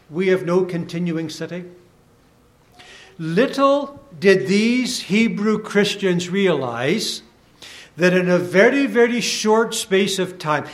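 Slow, high-voiced earnest male preacher. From Canada. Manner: earnest, deliberate preaching with rising emphasis and soft drops. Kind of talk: sermon.

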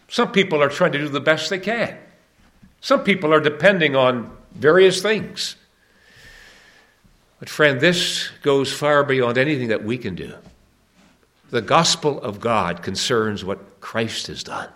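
A man's voice: medium pitch, a bit bright. Earnest preacher man. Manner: earnest, with rising emphatic questions. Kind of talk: evangelistic sermon.

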